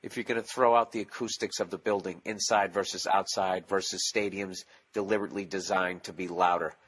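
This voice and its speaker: A man's voice: sits low, fairly even intonation, brisk, a bit bright, a little hiss or hum. A man hosting his own podcast, talking alone in a casual, profane, sarcastic rant. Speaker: podcast host. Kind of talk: casual solo podcast monologue.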